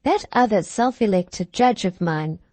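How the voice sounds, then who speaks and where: Woman narrating a classic novel, measured. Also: medium pitch, animated, darkish tone, dry recording. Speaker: audiobook narrator.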